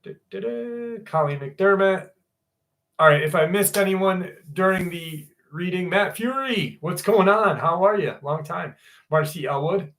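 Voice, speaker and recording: A man in his forties with a slightly higher-than-average voice hosts a livestream. His talk is loose and sprinkled with swearing. He reads viewer stories aloud in the same easygoing way. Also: measured pace, a bit bright. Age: 40s. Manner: loose and profane, greets viewers by name. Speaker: livestream host. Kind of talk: casual livestream chat and reading listener stories aloud.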